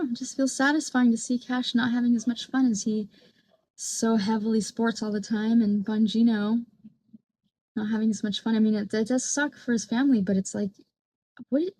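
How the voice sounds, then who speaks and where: Woman reacting to a clip, high voice but mellow dark tone, blunt and swears a lot. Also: steady tone, moderate pace. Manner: blunt, profane, mocking rant. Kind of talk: casual reaction commentary.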